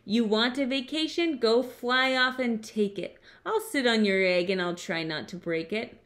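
A woman doing a gentle faithful elephant. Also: on the high side, normal speed, lightly acted. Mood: earnest. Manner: earnest, steady.

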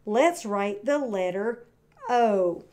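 A woman teaching kindergarten, speaking slowly and clearly with encouraging, drawn-out words for young children. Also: mid-range voice, expressive, a little mellow. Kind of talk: read-aloud lesson for young children.

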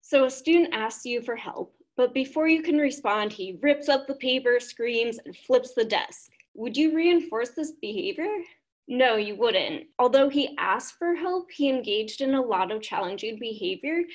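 A woman's voice: fairly high pitch, lively intonation, moderate pace. A woman presenting a webinar on behaviour therapy, explaining steps and quizzing her audience. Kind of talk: webinar lecture.

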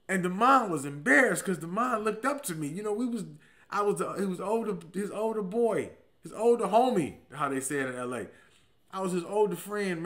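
A man hosting his own podcast, telling a story in a loose, comic way. His voice sits a bit high and sounds bright and forceful. He is very animated, dropping into low, mumbled asides and then bursting out loudly. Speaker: podcast host.

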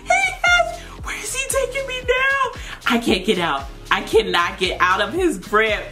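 High, animated woman narrating gameplay. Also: a little slow, over loud music. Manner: dramatic, squealing and laughing, talks to viewers. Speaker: gaming video creator. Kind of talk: playful gameplay commentary.

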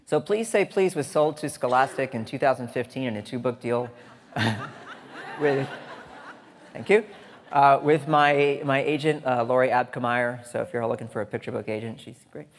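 This conference speaker has a mid-range voice at a normal speed, with slight background noise. Standing on a large lecture hall stage, he gives a humorous, chatty talk with jokes and audience asides, captured with hall reverb.

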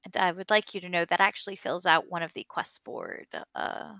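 A woman running a tabletop game as game master, narrating with many pauses and small laughs. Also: fairly low pitch, lively intonation, vocal fry, bright, forceful tone, no room sound.

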